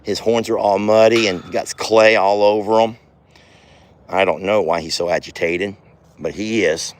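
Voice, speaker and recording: A man's voice: on the low side, steady tone, measured pace. A man hosting a casual farm vlog outdoors, chatty and folksy, talking affectionately to his animals. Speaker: ranch owner and vlogger.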